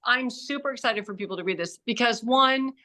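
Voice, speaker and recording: Bright-voiced, animated, swearing woman. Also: on the high side, a little fast. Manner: animated, profane, acts out her own inner voice. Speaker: guest author. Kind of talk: casual podcast interview.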